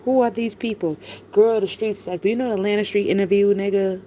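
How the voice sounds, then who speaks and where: A woman's voice: medium pitch, fairly even intonation, a little fast, dark tone, a little hiss or hum, poor audio. A middle-aged woman streaming, chatting casually and bluntly about online drama, gossipy and full of profanity. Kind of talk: casual livestream chat.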